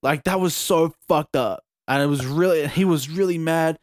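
A young man with an Australian accent telling a story in a casual chat, animated and swearing freely. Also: on the high side, moderate pace, dry recording, clean studio sound.

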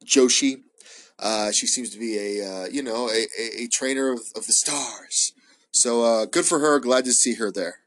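A man's voice: medium pitch, normal speed. Profane, rambling man reviewing wrestling. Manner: profane, excitable, rambling with many fillers. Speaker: wrestling podcast host. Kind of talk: casual solo ramble review.

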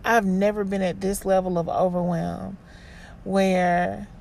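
A woman hosting her own podcast as a personal voice diary, sounding exhausted and halting, often restarting and trailing off. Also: mid-range voice, level tone, creaky, a little mellow, a little hiss or hum. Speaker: podcast host.

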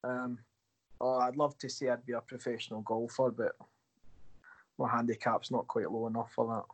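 A male hockey coach chatting as a podcast guest, mid-pitched and easygoing. He answers questions loosely and turns them into self-deprecating jokes. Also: little pitch movement, moderate pace. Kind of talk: casual podcast interview.

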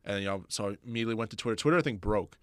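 A man talking as a guest on a podcast, fast and halting, with many restarts. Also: on the low side, no echo, clean studio sound. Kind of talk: casual podcast chat.

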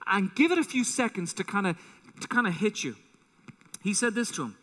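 A man preaching a sermon as pastor, animated and acting out quotes with a rising voice, in a church auditorium. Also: high-pitched, brisk, pauses often. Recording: long hall reverb.

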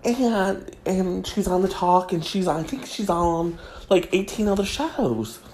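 A woman's voice: on the low side, lively intonation, measured pace, darkish tone, a little hiss or hum. A woman delivering a sassy, mock-prim comedic gossip monologue as host.

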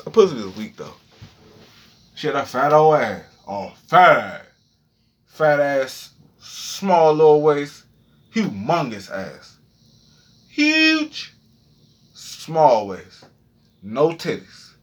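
On his podcast, a male host excitably spins a crude freestyle story, repeating words and phrases and leaping upward in pitch when he relives a panic. He speaks slowly with a breathy edge, pausing often.

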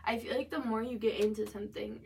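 A young woman co-hosting a podcast in casual chat, talkative and quick to laugh, with lots of fillers. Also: fairly high pitch, fairly even intonation, vocal fry, a little mellow. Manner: chatty, laughs easily, many "like" fillers. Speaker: podcast co-host. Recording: voice a bit distant from the mic.

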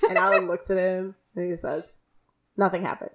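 A woman's voice: lowish voice, slight background noise. Chatty young woman recapping a show. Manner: animated retelling, quick quoted dialogue. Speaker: podcast co-host. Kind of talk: casual recap chat.

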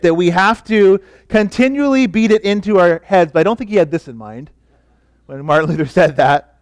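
A man's voice: sits high, no room sound, studio quality. A middle-aged pastor preaching a sermon in a conversational way, sometimes acting out the voices of people he quotes.

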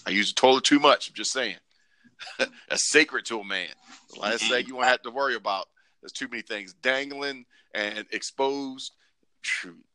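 A man co-hosting a podcast in casual chat, joking and acting out quoted lines in squeaky voices. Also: moderate pace, no echo. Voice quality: animated, joking, acts out quotes in high voices. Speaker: podcast co-host.

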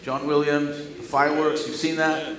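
A man preaching a sermon to a congregation, swinging between loud, emphatic scripture reading and quiet, chatty asides. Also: on the high side, flat delivery, normal speed, background noise. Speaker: pastor. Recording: echoey room with faint ambience.

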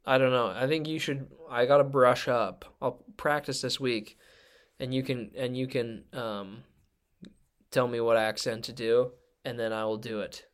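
A man's voice: mid-range voice, fairly even intonation, a little slow, smooth. A man co-hosting a podcast in casual chat, cracking dry, jokey one-liners. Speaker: podcast co-host.

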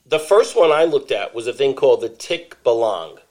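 A man co-hosting a podcast, joking and throwing in quick questions in casual chat. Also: mid-range voice, lively intonation, a little mellow. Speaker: podcast co-host.

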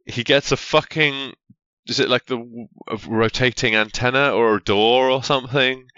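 A man's voice: mid-range voice, steady tone, normal speed, sharp tone, clean tone, no room sound, dull audio. A man co-hosting a podcast, chatting casually and sardonically about a film and swearing freely. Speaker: podcast co-host. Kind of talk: casual film-review chat.

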